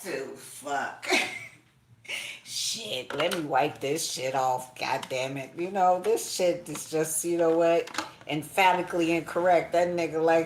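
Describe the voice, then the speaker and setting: Woman, low voice, blunt, profane, tarot reading, faint noise. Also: slow. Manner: profane, blunt, laughing asides. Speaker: tarot reader. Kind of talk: casual tarot reading monologue.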